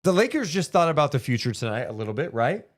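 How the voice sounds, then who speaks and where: Guy cohosting a sports stream, voice bounces up and down a lot, fairly high pitched for a dude. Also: quick pace. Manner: animated, talks through math and reads viewer donations. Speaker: sports podcast co-host. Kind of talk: casual sports talk livestream.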